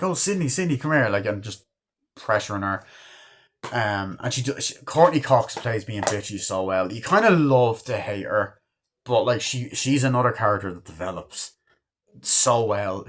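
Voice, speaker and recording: A man's voice: fairly low pitch, fairly bright tone. A man reviewing a movie in a casual, rambling way, swearing often and leaning on fillers. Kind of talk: casual chat.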